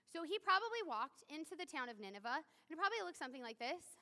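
A woman's voice: sits high, very animated, fast, sharp tone. A woman in her thirties preaching a sermon in a chatty, joking way with playful asides. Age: 30s. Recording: long church-hall reverb.

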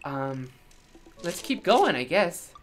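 A woman's voice: lowish voice, big pitch swings, takes it slowly, a little hiss or hum. A woman hosting a let's play, chatting casually and joking as she plays a game. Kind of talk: casual gameplay commentary.

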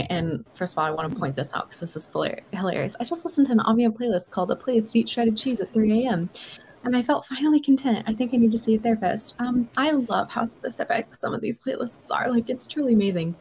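A woman with a medium-pitched voice hosts a writing session live, talking in a loose, chatty, self-deprecating way. She speaks over a video call connection. A little background noise sits under her voice. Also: darkish tone. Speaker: host of a writing livestream. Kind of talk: casual chat.

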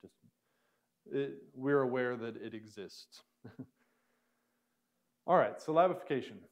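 A man's voice: medium pitch, slow pace. A man teaching a church Greek class, explaining in a loose, casual way with frequent "um"s and restarts. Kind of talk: classroom lecture.

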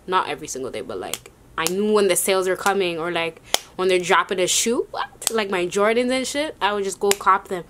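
A young woman vlogs her sneaker haul casually, chatty and rambling, calling her viewers "y'all" and drifting into asides. Her medium-pitched voice is lively and a little fast, she sounds short of breath, and there's background noise.

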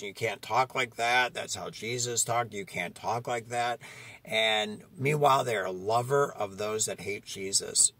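A man's voice: on the low side, gravelly, fairly bright tone, no echo. A man preaching a fiery sermon, confronting his listeners and often asking "okay?" between his points. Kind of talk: street-style sermon.

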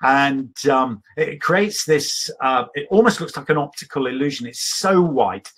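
Guy rambling happily through a travel talk to a crowd, kinda husky breathy voice, lots of ums. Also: medium pitch, fairly bright tone. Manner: enthusiastic, rambling storyteller with many fillers. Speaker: adventurer giving a travel talk. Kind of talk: live illustrated talk to an audience.

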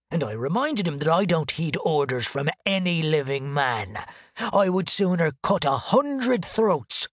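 A man narrating a comic audiobook in first person as a pirate, with deadpan pirate grammar and dry comic timing, close to the mic. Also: on the high side, measured pace, no echo.

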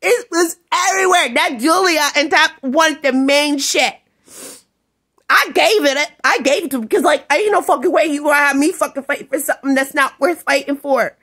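A woman vlogger in an angry, rambling rant, swearing constantly and often breaking into shouts. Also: sits high, moderate pace. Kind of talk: ranting vlog monologue.

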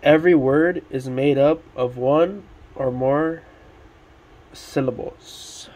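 Very slow, patient male tutor. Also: mid-range voice, darkish tone. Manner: slow, deliberate, repeating each word. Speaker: Spanish tutor. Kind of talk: teaching vocabulary at a board.

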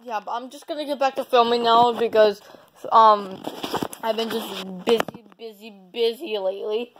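A woman's voice: on the high side, steady tone, normal speed, noisy background. A woman chatting casually on her vlog, rambling and repeating herself as she shows off her belongings. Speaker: vlogger.

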